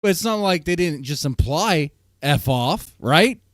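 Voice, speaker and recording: A man's voice: a little high, lively intonation, a little slow, a bit bright, dry recording, studio quality. A man hosting a live stream, chatting casually with a guest and his audience in a joking, laughing manner. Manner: laughing, joking, playful asides.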